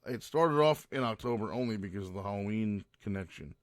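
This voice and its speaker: A podcast host rants in a loose, profane monologue, stumbling over restarts as he goes. His voice sits low and sounds dry and close. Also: expressive, a little fast, dry recording. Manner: ranting, profane, rambling with restarts. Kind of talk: casual monologue.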